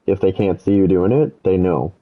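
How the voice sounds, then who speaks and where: Low-voiced man ranting over gameplay. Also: moderate pace, phone-quality sound. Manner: rambling, animated when quoting himself, swears freely. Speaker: gaming streamer. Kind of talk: casual storytelling over gameplay.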